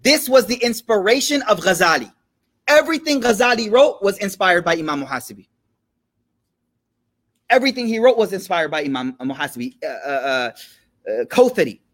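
A man giving a relaxed religious lesson, telling a story in slangy everyday talk and often checking that his listeners follow. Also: high-pitched, fairly quick, pauses often. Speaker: religious teacher. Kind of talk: casual storytelling lecture.

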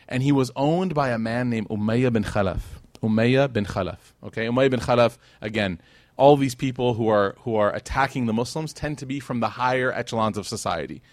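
A man's voice: medium pitch, no room sound. Male religion teacher, casual lecture delivery, conversational, dry close-up recording. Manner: conversational, checks in with "right?" and acts out quotes. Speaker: Islamic class teacher.

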